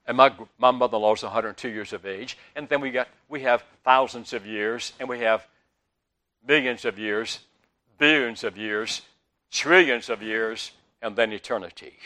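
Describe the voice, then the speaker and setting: Animated older Southern preacher. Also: male voice, medium pitch, moderate pace. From Southern United States. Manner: animated storytelling with big swings in loudness. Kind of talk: sermon.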